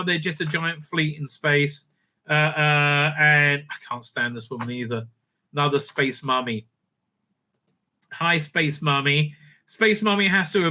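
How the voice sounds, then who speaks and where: A man's voice: fairly high pitch, sharp tone. A man hosting a casual spoken review, sarcastic and crude, with many hesitant fillers. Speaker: show host, reviewer.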